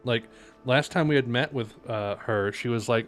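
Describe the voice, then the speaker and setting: A young man talks on a relaxed livestream, telling a story with wry, ranting asides at an average pitch. Faint music sits underneath his voice. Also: normal speed. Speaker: streamer reading manga live. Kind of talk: casual livestream chat.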